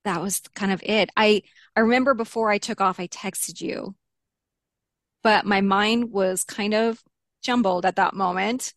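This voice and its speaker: A woman's voice: fairly even intonation, unhurried, dry recording. Woman, young adult, interview guest, candid personal account, dry close sound. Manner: candid, rising pitch when quoting heated exchanges. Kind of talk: recounting a personal ordeal.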